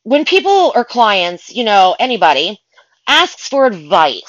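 Exasperated pet sitter woman, lively pitch. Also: unhurried, no echo, highs cut off. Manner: exasperated, rambling, frequent restarts. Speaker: pet sitter and dog walker. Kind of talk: casual vlog rant.

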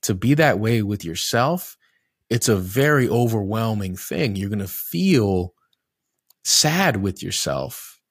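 A man's voice: fairly low pitch, animated, slow, breathy edge, no room sound, clean studio sound. A man in a casual conversation, talking in a reflective, candid way, restarting his sentences often as he searches for words and swearing casually now and then.

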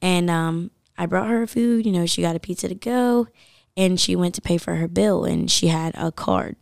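A woman's voice: lowish voice, normal speed, vocal fry, a little mellow, no echo, studio quality. A young woman from the United States telling a story in casual podcast chat, full of fillers and likes. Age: young adult.

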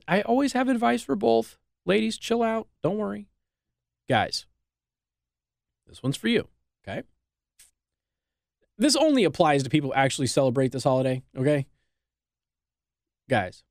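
A man's voice: high-pitched, creaky, no room sound, clean studio sound. A man hosting talk radio, giving blunt, teasing advice in an opinionated monologue. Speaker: radio talk show host. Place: radio studio.

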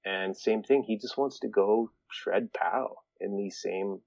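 A man talking as a podcast guest in a mellow, easygoing way. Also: on the low side, unhurried, gravelly, no echo, poor audio. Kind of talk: casual chat.

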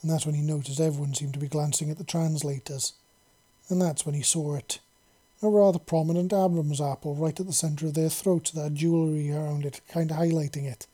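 A man reading a story aloud in a steady, plain narrating manner. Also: fairly high pitch, brisk. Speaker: audiobook narrator.

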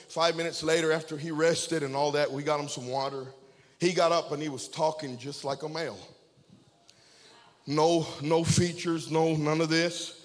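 A high-pitched man preaches fervently, stopping to throw amen and okay at his listeners. His voice trails off into the long echo of a big church hall. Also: a bit bright. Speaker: pastor. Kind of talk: sermon with storytelling. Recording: long reverb of a large hall.

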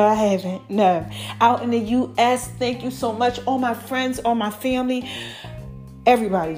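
A woman hosting her own podcast, chatting excitedly and effusively with her listeners, full of thanks and exclamations. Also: mid-range voice. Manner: effusive, chatty, lots of "y'all" and "oh my gosh". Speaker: podcast host. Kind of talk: excited casual podcast chat.

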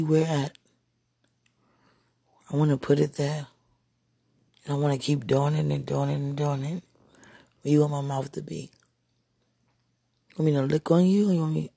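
A woman speaking an intimate spoken monologue, breathy and husky, often dropping into whispers and sighing exclamations. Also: deep voice, mellow, no room sound, studio quality. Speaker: podcast speaker.

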